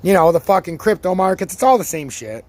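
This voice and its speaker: A man's voice: high-pitched, fast. A man hosting his own crypto chart channel, ranting with plenty of swearing and sports comparisons, his voice worn out. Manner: ranting, swears freely, animated sports analogies. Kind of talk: casual profane market commentary.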